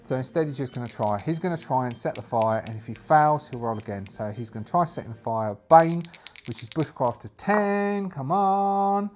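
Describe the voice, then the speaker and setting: A man narrating a solo tabletop game, talking out loud through his dice rolls and the rules in a chatty manner. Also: mid-range voice, lively intonation, normal speed, a little hiss or hum. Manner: chatty, thinks aloud over dice rolls.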